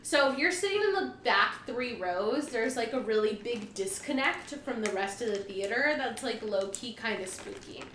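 A young woman telling a story in casual chat, animated and laughing often, with many "like" fillers. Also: on the high side, moderate pace, hardly any pauses, a little hiss or hum. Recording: echoey room.

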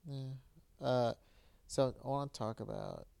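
A man's voice: medium pitch, huge pitch swings, takes it slowly, vocal fry, dark tone, clean tone, dry recording. A tired man in his late twenties co-hosting a podcast, chatting casually with rambling, profane venting. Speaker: podcast co-host. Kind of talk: casual chat.

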